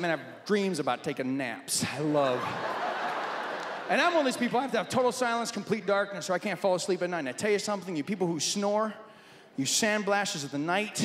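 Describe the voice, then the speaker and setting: A man from Nebraska doing stand-up comedy, telling wry, animated stories. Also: sits high, background noise. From Nebraska, USA. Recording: echoey hall, loud audience.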